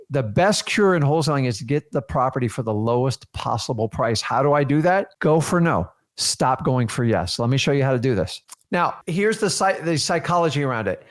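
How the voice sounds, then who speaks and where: Man, real estate coach, seminar talk, energetic, rhetorical questions, mid-pitched voice. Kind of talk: teaching a seminar.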